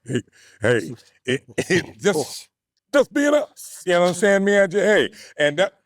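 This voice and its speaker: A man's voice: sits high, big pitch swings, a little slow, no room sound. Emphatic older man, dry close sound. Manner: emphatic, tag questions like "you know, right?". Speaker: guest, retired wrestler. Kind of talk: casual interview chat.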